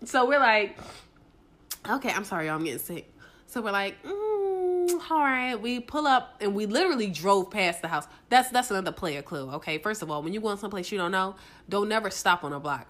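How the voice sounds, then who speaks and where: A woman's voice: mid-range voice, a little fast. A woman co-hosting a casual chat, telling stories with lots of laughter and acted-out quotes. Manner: animated, laughs often, acts out quotes. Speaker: podcast co-host.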